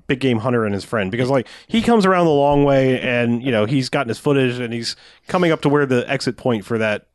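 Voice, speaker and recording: A man's voice: medium pitch, expressive, fast, no room sound, studio quality. Rambling, jokey man recapping a movie. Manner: rambling, jokey, laughs often. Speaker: podcast co-host. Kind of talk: casual movie recap chat.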